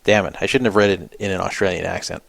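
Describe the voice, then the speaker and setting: A man's voice: deep voice, fairly even intonation, fast, creaky, fairly bright tone, dry recording. A man hosting a solo podcast, talking casually and skeptically and reading out viewer comments in a wry way. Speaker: podcast host.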